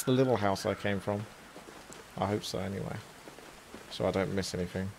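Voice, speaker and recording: A man's voice: sits low, normal speed, creaky, a little hiss or hum. A man streaming a game live, chatting casually with rambling asides and a slight sore throat. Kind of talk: live gameplay commentary.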